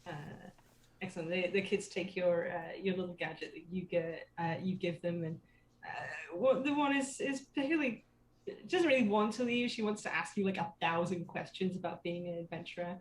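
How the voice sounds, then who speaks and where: A woman's voice: fairly low pitch, moderate pace, echoey room, slight background noise, poor audio. A woman narrating as dungeon master in a tabletop game, hesitant with many fillers.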